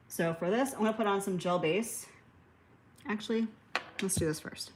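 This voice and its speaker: A woman's voice: mid-range voice, unhurried, pauses often, noisy background. A woman hosting a live nail art tutorial, chatting casually, answering viewer comments and laughing easily. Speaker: nail art livestream host.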